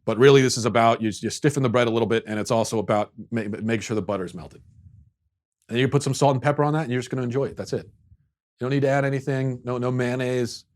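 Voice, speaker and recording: A man in his thirties hosts a podcast, reading listener mail aloud and replying in a sarcastic, mock-indignant rant. His voice sits at a middling pitch and jumps from dry deadpan to loud exasperation. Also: quick pace. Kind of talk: mock-outraged comedic rant.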